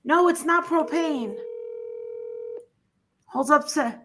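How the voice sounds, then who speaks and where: A woman with a New Jersey accent, co-hosting a casual chat, loud and blunt and swearing freely. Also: high voice, slow, background noise.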